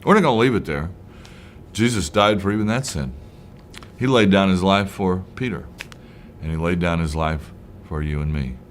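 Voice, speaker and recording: A man's voice: low-pitched, moderate pace, pauses often, slight background noise. A man teaching a Bible study in a conversational way, retelling scenes and voicing the people in them.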